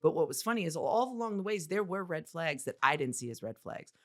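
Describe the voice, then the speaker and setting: A woman co-hosting a casual podcast, telling a story. Her voice sits a little low, and she is animated, laughing often and acting out the people in it. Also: fairly quick. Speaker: podcast co-host and business owner.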